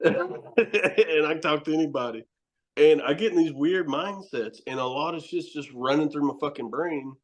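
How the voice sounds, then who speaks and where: Excitable, profane man. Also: fairly high pitch, normal speed. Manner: excitable, profane storyteller, laughs often. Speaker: horror host and wrestler. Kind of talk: casual podcast chat.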